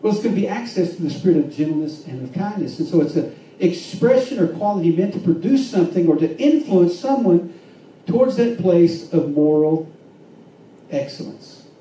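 A man preaching a sermon, swinging between fervent shouts and hushed, quiet stretches. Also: sits high, lively intonation, normal speed, slight background noise. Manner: impassioned preaching with rising shouts and hushed drops. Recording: echoey room from far off with faint ambience.

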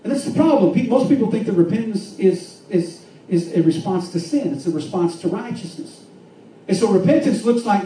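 A man preaching a sermon, swinging between fervent shouts and hushed, quiet stretches. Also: sits high, expressive, normal speed. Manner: impassioned preaching with rising shouts and hushed drops. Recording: echoey room from far off with faint ambience.

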